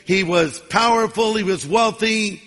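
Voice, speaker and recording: Soft music plays behind a man in his sixties, a pastor telling humorous, folksy stories from the pulpit. He pitches his voice high with a fairly bright tone and talks a little slowly, while a large hall adds long reverb.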